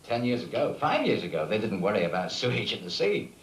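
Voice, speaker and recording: An actor playing a harried, short-tempered council official who talks brusquely. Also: male voice, fairly low pitch, wildly swooping pitch, heavy background noise. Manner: brusque, quick.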